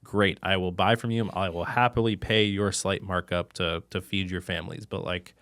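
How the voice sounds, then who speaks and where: Male guest, low voice, heated casual rant, dry close sound. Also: moderate pace, hardly any pauses, no echo. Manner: animated, exasperated ranting. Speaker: machine shop co-owner, guest. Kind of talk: casual podcast conversation.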